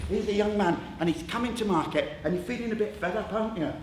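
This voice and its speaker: A man leading an interactive drama workshop, coaxing participants and narrating a story in a lively way. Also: high-pitched, quick pace, slight background noise. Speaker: workshop leader. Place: theatre stage with a group. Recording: echoey theatre with audience.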